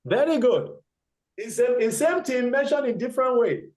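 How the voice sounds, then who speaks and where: A man's voice: extremely high pitch, very animated, normal speed, darkish tone. A man teaching a scripture class, who quizzes his students and repeats key words for emphasis. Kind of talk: class lecture. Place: temple hall. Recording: echoey hall.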